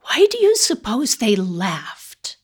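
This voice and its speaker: A woman playing a breathy, probing mother. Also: fairly high pitch, huge pitch swings, slow, heavily acted. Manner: soft, probing questions, hushed at times. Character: mother quietly coaxing her son's confession. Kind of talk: audio drama acting.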